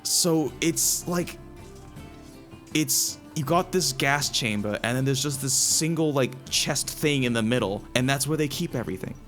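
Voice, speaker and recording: A man's voice: mid-range voice, expressive, measured pace, a bit bright, soft background music. A man running a tabletop game as dungeon master, explaining the rules with many restarts.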